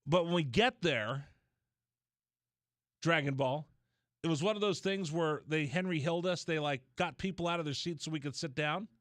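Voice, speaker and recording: A man hosting a radio show, spinning a rambling, animated story into a close studio mic. His voice sits a little high, and the sound is dry with no room around it. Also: normal speed, no room sound. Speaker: radio host.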